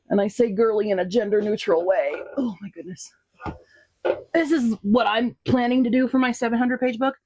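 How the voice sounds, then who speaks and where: A woman vlogging casual book recommendations to camera, chatty and upbeat with frequent ums and asides. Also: mid-range voice.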